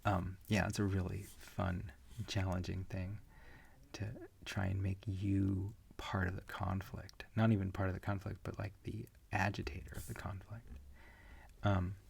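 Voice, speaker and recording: A male instructor talks through an online comics lesson in a relaxed, rambling way. His low voice is gravelly and husky, and he pauses on frequent fillers. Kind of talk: online lecture.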